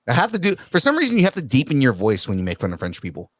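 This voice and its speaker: Lively, dry-sounding joking male podcast host. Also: medium pitch, no echo. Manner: jokey, laughs often at his own bits. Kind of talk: casual joking podcast chat.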